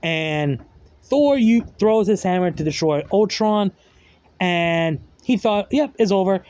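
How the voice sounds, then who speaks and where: A man's voice: high-pitched, lively intonation, takes it slowly, darkish tone, clean tone, no room sound, muffled recording. A man casually retelling a fan story in a rambling way, full of fillers and loose grammar.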